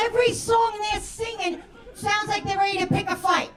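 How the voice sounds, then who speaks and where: A woman's voice: very high voice, steady tone, normal speed, fairly bright tone. A woman doing a brash, profane stand-up set in a comedy club, acting out the voices of the people in her stories. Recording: roomy club sound from a distance with crowd.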